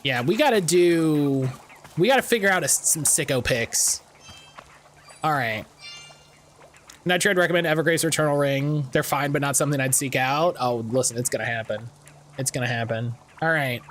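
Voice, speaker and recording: A man's voice: fairly high pitch, normal speed, a bit bright, slight background noise. A man commentating a live game stream in a rambling, joking way, often repeating himself.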